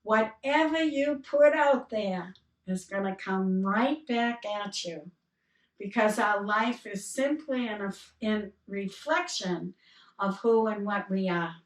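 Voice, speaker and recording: A woman reverend giving a sermon, telling parable stories in a gentle, unhurried way. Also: mid-range voice. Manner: slow, gentle storytelling with quoted dialogue. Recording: roomy sound from a distance.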